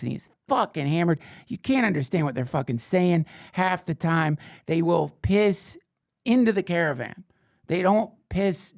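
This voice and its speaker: Profane sarcastic podcast host, gravelly. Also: male voice, fairly high pitch, no echo, clean studio sound. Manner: profane, sarcastic asides, rambling. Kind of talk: comedic reading of fake fantasy news.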